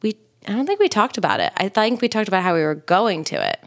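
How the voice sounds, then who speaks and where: A woman co-hosting a podcast in easy, casual chat. She talks in loose, rambling runs, laughs often and swears freely. Her voice sits at an ordinary middle pitch. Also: sing-song, quick pace. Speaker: podcast co-host.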